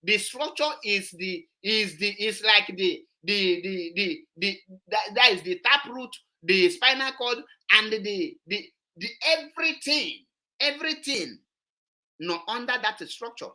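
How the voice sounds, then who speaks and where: A woman comments on a played clip for her online show, her mid-range voice animated and sharp-toned at a measured pace. She's emphatic and repetitive, and at times she shifts into Igbo.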